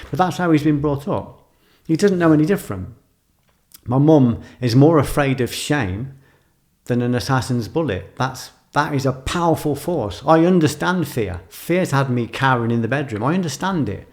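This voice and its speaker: A writer and filmmaker speaking in a reflective personal monologue, intense and emotional, repeating phrases for emphasis. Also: male voice, medium pitch, lively intonation, normal speed, a little mellow.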